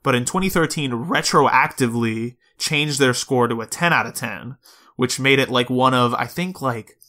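A man co-hosting a podcast in casual chat, talking loosely with fillers and quick laughs. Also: mid-range voice, pushed and bright. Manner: chatty, laughs easily, lots of fillers. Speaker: podcast co-host.

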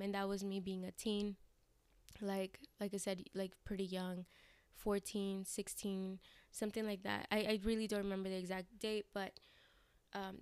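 Young female vlogger, candid confessional ramble, crisp voice, dry close sound. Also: medium pitch, no echo. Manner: rambling, frank, frequent fillers and restarts; swears casually. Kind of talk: candid personal vlog talk.

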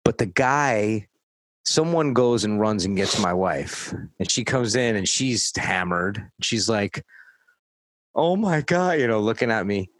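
Man storyteller, low register, dry mic, profane deadpan anecdote with voiced quotes. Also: unhurried, no echo, rough recording. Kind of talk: casual anecdote.

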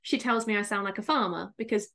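A young woman from Somerset with a Somerset English accent, a guest in a casual interview, friendly and quick to laugh. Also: medium pitch, a bit bright. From Somerset, England. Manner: friendly, laughing, self-deprecating humor. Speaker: guest, writer.

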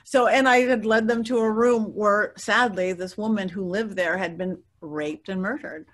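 A middle-aged woman, a guest psychic, telling stories in an interview in a lively way, laughing often and acting out the voices of others. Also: mid-range voice, moderate pace. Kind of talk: animated storytelling interview.

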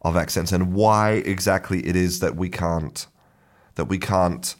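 Man, very low voice, casual english teacher, halting, frequent restarts. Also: steady tone. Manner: hesitant, many restarts, chuckles often. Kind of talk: casual talking-head lesson.

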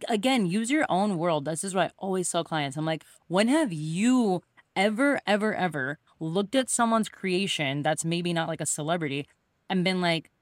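This is a young woman's lowish voice at normal speed, recorded in a clean studio with no echo. She is a podcast host and coach, chatting casually and spinning animated stories while acting out other people's quoted voices.

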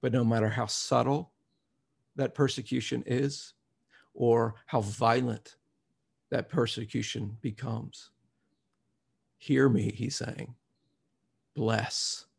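A man's voice: medium pitch, steady tone, slow pace, creaky, long pauses, husky. A man preaching a sermon, reflective at first and growing emphatic as he reads scripture aloud.

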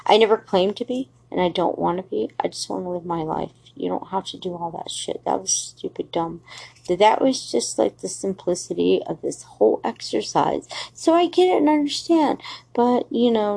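A woman's voice: medium pitch, normal speed, vocal fry, warm tone, breathy edge. A woman podcast host giving a rambling, profane, confrontational solo monologue addressed to someone.

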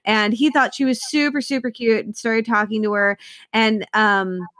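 Middle-aged woman, guest on a chatty podcast, lively storyteller, a little higher voice, dry close sound. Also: moderate pace, no echo. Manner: animated storyteller, swears casually. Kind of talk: casual podcast chat.

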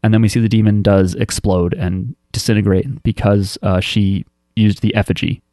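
A man recaps an anime episode in relaxed podcast chat, his fairly low voice warm and steady at a moderate pace. He's wry and loose, rambling with many fillers and frequent restarts, and the studio sound is clean with no echo.

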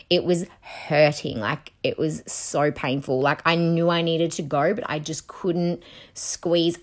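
Young woman, low voice, candid confessional vlogger, filler-heavy. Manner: frank and emotional, heavy use of "like". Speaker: new mother. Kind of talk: candid personal storytelling.

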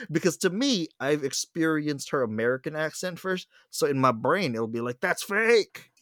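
Animated man co-hosting a podcast. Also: a little high, moderate pace, dry recording, clean studio sound. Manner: animated, acts out quotes in voices. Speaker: podcast co-host. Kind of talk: casual chat.

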